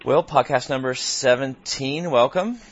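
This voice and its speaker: A man co-hosting a podcast, upbeat and energetic in his opening and chat. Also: medium pitch, a little slow, highs cut off, soft background music. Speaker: podcast co-host.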